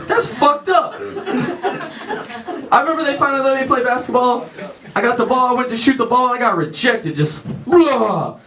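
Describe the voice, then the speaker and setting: A young man performing a crude stand-up comedy set on a theater stage, telling loose stories and switching into quick voices for his friends. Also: very high voice, lively intonation, far from the mic, background noise. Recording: echoey room, mic heard from afar. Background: audience laughter.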